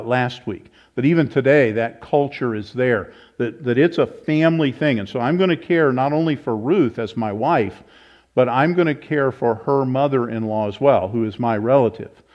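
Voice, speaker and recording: Male pastor, casual Bible study teacher, chatty and self-correcting, somewhat muffled church recording. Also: mid-range voice. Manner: informal, thinks aloud, self-corrects. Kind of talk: conversational Bible teaching with audience questions. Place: church meeting room. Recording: slightly dull, lo-fi.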